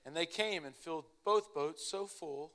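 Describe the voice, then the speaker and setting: A young male preacher delivers a loose, conversational sermon. His voice sits a little high for a man, and he talks animatedly, sprinkling in "like" as he tells his stories. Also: moderate pace. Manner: animated, casual storytelling with lots of "like".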